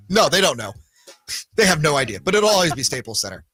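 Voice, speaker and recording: A man co-hosting a sports radio show, bantering and teasing in a casual, animated way. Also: on the high side, fast talker, faint music behind.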